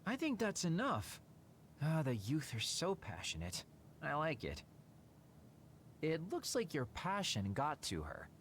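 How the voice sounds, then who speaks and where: A laid-back, teasing older man in a video game, easygoing as he cools tempers. His pitch sweeps dramatically up and down, with a faint rumble in the background. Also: unhurried, pauses often, full character voice. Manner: relaxed, teasing.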